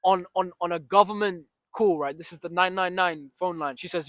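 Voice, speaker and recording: A young man telling a story about his day, swearing freely and acting out the shouts and the other voices. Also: high voice, moderate pace, few pauses, no room sound. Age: young adult. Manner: swears freely, retells with reenacted shouts and asides. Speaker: storyteller vlogger. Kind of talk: animated storytime monologue.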